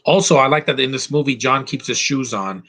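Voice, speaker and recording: A man's voice: mid-range voice, fairly quick, pushed and bright, slightly rough. A man giving casual live commentary over a film, opinionated and rambling, with frequent fillers and restarts. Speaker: movie commentary host.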